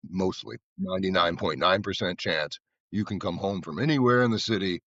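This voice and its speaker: A man's voice: deep voice, a little fast, a bit bright, no echo, muffled recording. An American man from Florida, a guest telling loose, rambling stories in casual conversation, with lots of "you know" and repeated words. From Florida, USA. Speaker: guest, flower bike artisan.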